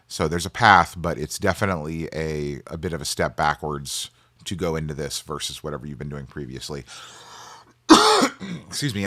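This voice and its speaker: A man's voice: low voice, fairly bright tone, no room sound, clean studio sound. A man in his forties, a game sound designer, answers viewer questions in a loose, casual way with lots of ums and restarts, and coughs now and then from allergies. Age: 40s.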